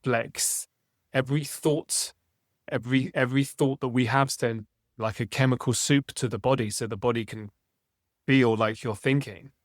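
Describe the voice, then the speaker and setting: A man's voice: medium pitch, steady tone, moderate pace, no room sound. A man in casual podcast conversation, musing aloud with frequent tag questions. His voice sits mid-range and the recording is dry and close, with no room sound. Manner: reflective, uses tag questions. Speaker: podcast host.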